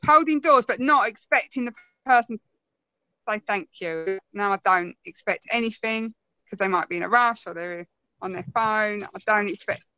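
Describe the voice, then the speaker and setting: A woman chatting as a guest, telling lively stories and laughing often. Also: medium pitch, normal speed, dry recording, rough recording. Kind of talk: casual conversation.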